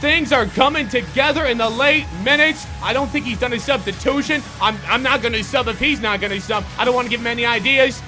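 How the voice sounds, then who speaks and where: A young man doing live commentary on a basketball video game, muttering to himself one moment and shouting curses the next. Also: extremely high pitch, brisk, hardly any pauses, over music. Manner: swings from muttered self-coaching to shouted profane outbursts. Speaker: gaming YouTuber.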